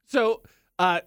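A man's voice: fairly bright tone, no echo, studio quality. A man co-hosting a radio show, telling stories in a casual, sarcastic way with mock outrage.

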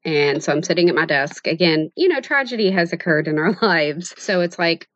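A woman's voice: fairly low pitch, lively intonation, normal speed, fairly bright tone, dry recording, dull audio. A young adult woman co-hosting a podcast, telling a family story in a matter-of-fact way, leaning on "you know". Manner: matter-of-fact, filler-heavy. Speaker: podcast co-host. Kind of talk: casual storytelling chat.

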